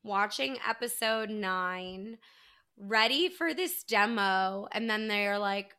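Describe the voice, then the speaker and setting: A woman co-hosting a podcast in casual chat, animated and joking with dramatic flair. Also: mid-range voice, slow, smooth. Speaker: podcast co-host.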